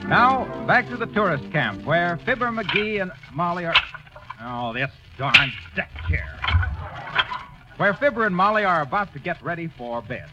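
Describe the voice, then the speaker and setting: A man's voice: high voice, sing-song, brisk, few pauses, over loud music. A man announcing a persuasive 1930s radio advertisement. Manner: smooth, persuasive salesman delivery. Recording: lo-fi old radio broadcast.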